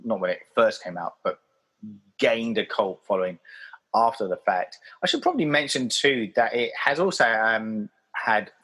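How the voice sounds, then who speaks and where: A man chats through a film discussion on a podcast, circling his points with plenty of fillers and false starts. His voice has a husky, rough edge to it. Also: fairly low pitch, normal speed, a bit bright. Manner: rambling, many fillers and restarts. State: hiccuping. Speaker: podcast co-host.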